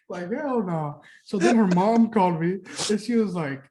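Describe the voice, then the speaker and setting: A young man co-hosting a podcast, telling stories in a profane, animated way during casual chat. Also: high-pitched, slow pace, a little hiss or hum. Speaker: podcast co-host.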